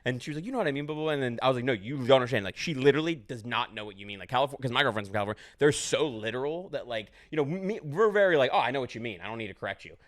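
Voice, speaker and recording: A man co-hosting a comedy podcast, trading quick, laughing banter with his comedian friends. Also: mid-range voice, lively intonation, no echo, studio quality. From Pittsburgh area. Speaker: podcast co-host. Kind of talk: casual podcast chat.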